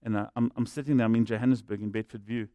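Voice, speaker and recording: Pastor guy preaching, middle-aged, goes from quiet story to loud shouting, dry room. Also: medium pitch, steady tone, rapid-fire, dry recording. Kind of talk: sermon.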